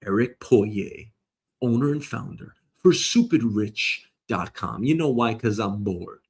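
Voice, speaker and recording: A middle-aged man hosting a comedy show, ranting loudly and rambling, swearing a lot and slipping into mock voices. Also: fairly low pitch, lively intonation, measured pace, slightly rough. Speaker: host. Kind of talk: profane comedic rant.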